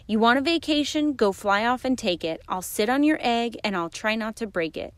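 A woman voicing a huge, kind and faithful male elephant, earnest and steady, in a storybook reading. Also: fairly high pitch, moderate pace, dry recording, close to an everyday voice.

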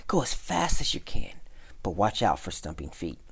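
A man voicing an excitable male town mouse who boasts, exclaims and scoffs in a raised voice. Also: low-pitched, moderate pace, gravelly, slightly rough, exaggerated voice. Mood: urgent.

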